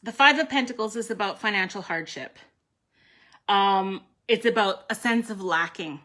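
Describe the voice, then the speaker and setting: A woman's voice: mid-range voice, normal speed, bright, forceful tone. Woman, live tarot reader; blunt, swearing, chatty with her viewers. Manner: blunt, profane, emphatic; chatty, addresses viewers by name.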